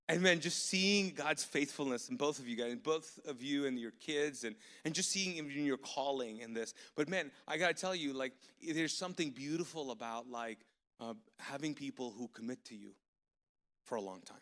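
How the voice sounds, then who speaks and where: A man preaching a live sermon as pastor, telling stories in an animated way with sudden loud outbursts of excitement. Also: medium pitch, moderate pace. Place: large church auditorium. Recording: long hall reverb from live church service.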